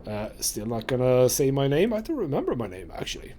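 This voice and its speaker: A man's voice: medium pitch, big pitch swings, fairly quick, hardly any pauses, mellow. A man hosting a let's play, chatting casually and reading game dialogue aloud. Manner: chatty, rambling with fillers.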